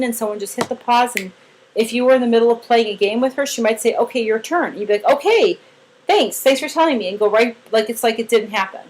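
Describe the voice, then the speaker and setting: A woman's voice: on the high side, poor audio. A woman giving a casual one-on-one training session to a new team member, chatty and demonstrative as she acts out examples.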